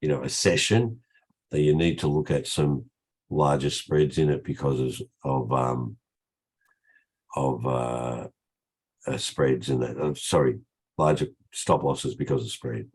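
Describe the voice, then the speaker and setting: An older man hosts a trading session over a video call, his voice extremely deep and low. A cold leaves it croaky and husky, and he talks in a loose, rambling way with lots of restarts. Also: measured pace, darkish tone. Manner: rambling, restarts often, chatty. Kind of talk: casual live trading session talk.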